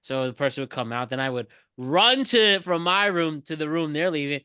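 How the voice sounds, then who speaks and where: A man's voice: a little high, animated, normal speed, sharp tone, smooth, no echo, studio quality. A man co-hosting a podcast in casual chat, teasing and laughing often. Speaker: podcast co-host.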